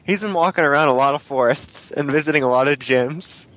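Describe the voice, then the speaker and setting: A man's voice: a little high, brisk, a bit bright. A man co-hosting a casual podcast about cartoons, rambling and apologizing for his own tangents. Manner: rambling, self-deprecating, apologetic. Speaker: podcast co-host.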